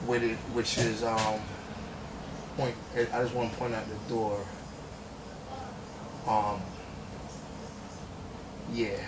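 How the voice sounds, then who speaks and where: A man with a New York accent giving casual spoken commentary, halting often with restarts and fillers. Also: mid-range voice, noisy background. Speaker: commentary host.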